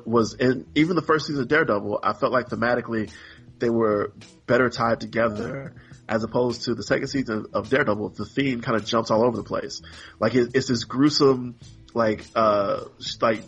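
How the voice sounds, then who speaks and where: A man's voice: medium pitch, fairly bright tone, slightly rough, highs cut off. A man co-hosting a podcast in casual chat, rambling and exasperated, acting out characters in mock voices. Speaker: podcast co-host.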